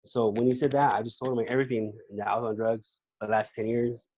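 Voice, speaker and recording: A man shares his own story as a podcast guest in a relaxed, slangy way. He stumbles and repeats words as he goes. His voice sits at a middling pitch, and the recording is dull and lo-fi. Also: brisk, breathy edge, no room sound. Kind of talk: casual personal testimony.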